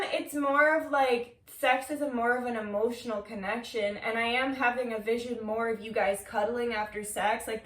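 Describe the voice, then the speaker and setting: A woman's voice: fairly high pitch, fairly bright tone. A woman giving a casual tarot reading to camera, talking loosely with lots of filler words and casual swearing. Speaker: tarot reader. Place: room, seated on the floor. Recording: echoey room, mic at a distance.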